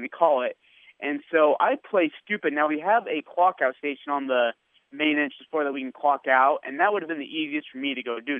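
Excited man telling a story over a phone-thin line. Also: a little high, no echo, phone-quality sound. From India. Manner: animated anecdote teller, acts out quoted lines. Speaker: radio sports host, guest. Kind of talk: casual storytelling.

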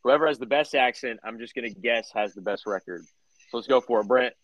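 A man co-hosting a casual sports podcast outdoors, opinionated and prone to quick little rants. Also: mid-range voice, no room sound, highs cut off. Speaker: podcast co-host. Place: backyard, outdoors.

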